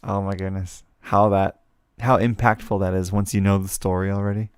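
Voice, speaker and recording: A man's voice: deep voice, level tone, moderate pace, smooth, no room sound, clean studio sound. A man streaming a game, casually commenting and reading its dialogue aloud with playful voices and frequent laughs. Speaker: let's play streamer. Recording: faint game music behind.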